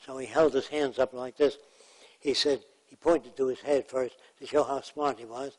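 A man's voice: medium pitch, steady tone, normal speed, a little mellow, low-quality recording. A man giving a lecture, telling plain anecdotes and acting out the people in them. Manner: anecdotal, plainspoken, acts out quotes. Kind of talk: storytelling lecture.

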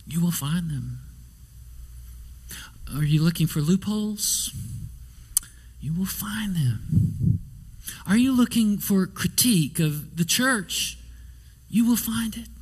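Higher-voiced male pastor preaching. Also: animated, slow, pauses often, husky. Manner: storytelling preacher, rhetorical questions, whispers quoted lines. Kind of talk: sermon. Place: church sanctuary.

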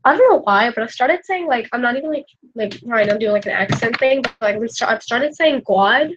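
A woman's voice: fairly high pitch, expressive, fairly quick, background noise. A young woman live-streaming while she draws, sick and coughing, rambling casually with lots of filler words. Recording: muffled lo-fi stream audio.

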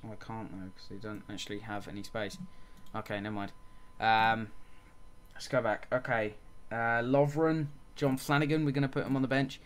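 Calling a football management game play by play, a gaming channel host provides casual let's-play commentary with muttered, frustrated asides. He speaks at normal speed in a lowish voice with fairly even intonation, over slight background noise.

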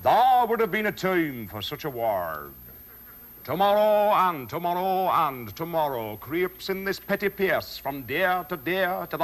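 Man doing a doomed king in Elizabethan accent, forceful, slow weighty verse. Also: on the high side, voice pushed up, exaggerated voice. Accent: Elizabethan English original pronunciation. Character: grief-struck Scottish king facing his end.

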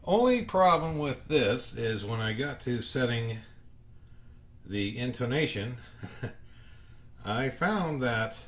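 Slow, short-of-breath man explaining guitar setup. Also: mid-range voice, a bit bright, a little hiss or hum. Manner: slow, halting delivery with pauses between phrases. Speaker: guitar tutorial host. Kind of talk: home video tutorial.

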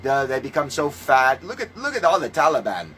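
A man preaching in a ranting monologue, scornful and full of swearing, moving between calm teaching and loud outbursts. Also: mid-range voice, a little fast, a little hiss or hum, rough recording. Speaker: self-styled religious preacher.

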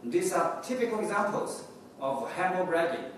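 A middle-aged man from China, a native Chinese speaker, giving a formal prepared speech as a diplomat, in a measured, explanatory way. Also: high-pitched, expressive, a little hiss or hum. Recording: very echoey hall, voice from a distance.

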